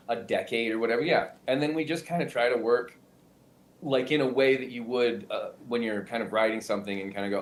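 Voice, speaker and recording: A male comedian and impressionist explaining his craft in an animated, self-interrupting way, often restarting sentences. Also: medium pitch, brisk. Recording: roomy echo.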